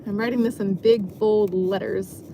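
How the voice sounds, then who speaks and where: A woman's voice: mid-range voice, steady tone, normal speed, noisy background. A woman vlogger rambling casually from her car, self-deprecating and laughing often. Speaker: vlogger and dancer. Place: parked car.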